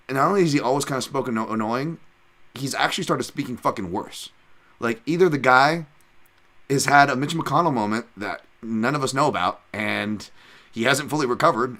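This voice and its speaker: A man's voice: medium pitch, pushed and bright. A man from Hawaii hosting a podcast, talking in a blunt, profane, rambling way with many restarts. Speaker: podcast host. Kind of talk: casual podcast chat.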